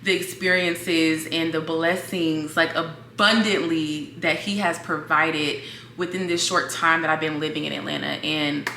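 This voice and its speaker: A woman's voice: low voice, steady tone, measured pace, creaky, pushed and bright, echoey room, slight background noise. A young woman from Virginia telling a personal story to her viewers in a chatty, emotional way, calling them girl and y'all. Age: young adult. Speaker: vlogger. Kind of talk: casual storytelling to camera.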